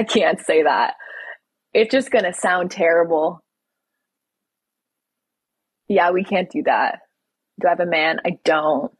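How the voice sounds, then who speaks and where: A young woman from Toronto, Canada hosts a casual livestream, reading viewer questions aloud and answering them candidly. Her voice is fairly low and slightly rough. The audio is poor but has no echo.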